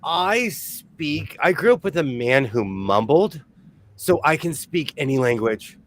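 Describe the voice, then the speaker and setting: Fast-talking chatty man from Los Angeles. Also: a little high, big pitch swings, a bit bright, slight background noise. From San Fernando Valley, Los Angeles. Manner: quick, chatty, laughs often, reads viewer comments aloud. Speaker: co-host of a sewing livestream. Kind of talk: casual livestream chat.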